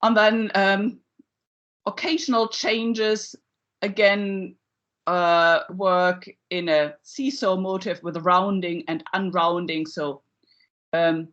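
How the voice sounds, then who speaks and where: A woman lecturing at a slow, unhurried pace, pausing often on ums and uhs as she explains. The recording is slightly dull and lo-fi. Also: on the low side, fairly even intonation, a bit bright. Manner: measured, with frequent ums and uhs. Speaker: university lecturer. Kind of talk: academic lecture.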